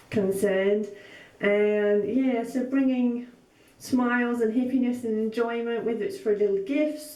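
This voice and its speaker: A woman's voice: fairly high pitch, darkish tone, distant mic. A woman sewing vlogger opening gifts on camera, gushing and full of exclamations. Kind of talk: casual vlog, opening gifts. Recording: echoey room, mic set back.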